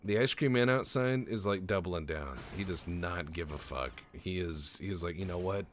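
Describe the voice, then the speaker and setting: Deep-voiced guy doing a let's play, rambly and sweary, faint hiss behind. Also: normal speed, a bit bright. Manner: rambling, profane, joking asides. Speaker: gaming channel host. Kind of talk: casual let's-play commentary.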